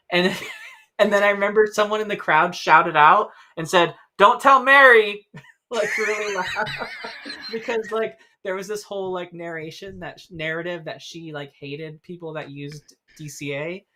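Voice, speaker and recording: A man's voice: fairly high pitch, sharp tone. A man co-hosting a casual livestream chat, telling long rambling stories full of fillers. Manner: rambling storyteller with many fillers and little laughs. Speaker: livestream co-host.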